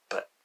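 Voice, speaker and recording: A man telling his own ongoing story in a casual, halting way, sighing often and restarting sentences. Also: bright, forceful tone. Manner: halting, with frequent sighs and restarts. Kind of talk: casual first-person storytelling.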